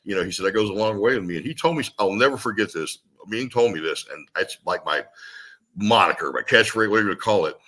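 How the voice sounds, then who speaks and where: A man's voice: fairly low pitch, fast talker. A man telling blunt, salty wrestling stories in casual talk. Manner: blunt, salty, animated storyteller. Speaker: retired wrestler guest. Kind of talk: casual storytelling chat.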